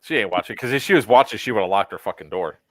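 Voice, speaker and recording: A man's voice: lowish voice, fast. A man co-hosting a casual group stream, talking in long rambling turns with many fillers and restarts. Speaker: podcast co-host.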